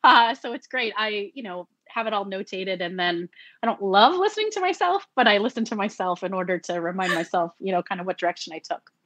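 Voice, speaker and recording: A lively woman narrator talks shop in an interview, slipping into little acted-out quotes of herself and laughing often. Her voice sits at a middle pitch and sounds dry and close, with no room around it. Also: a little fast, no echo. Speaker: audiobook narrator. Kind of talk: conversational interview.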